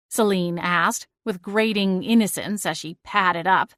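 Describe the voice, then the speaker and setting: A woman's voice: lowish voice, a little slow, hardly any pauses, fairly bright tone, no room sound, clean studio sound. A woman narrating a cozy first-person audiobook, reading expressively and acting out exasperated dialogue.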